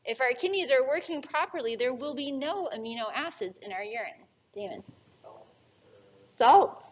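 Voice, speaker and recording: A woman's voice: sits high, normal speed, dull audio, slight background noise. A woman teaching an anatomy class, asking students questions and tagging her points with "right?". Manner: lively, asks the class questions and answers them, tag questions. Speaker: anatomy lecturer. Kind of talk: classroom lecture.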